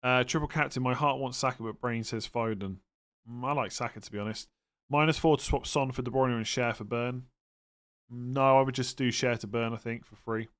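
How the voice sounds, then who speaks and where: Man chatting on a live stream. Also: mid-range voice. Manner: relaxed, thinks aloud with fillers and quick verdicts. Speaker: livestream host answering fantasy football questions. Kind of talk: casual live-stream chat.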